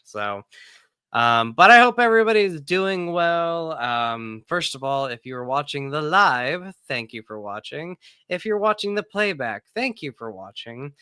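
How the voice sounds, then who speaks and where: Bright, crisp-voiced upbeat podcast host. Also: male voice, mid-range voice, dry recording. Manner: upbeat, chatty, talks straight to viewers. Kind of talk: casual live-stream podcast chat.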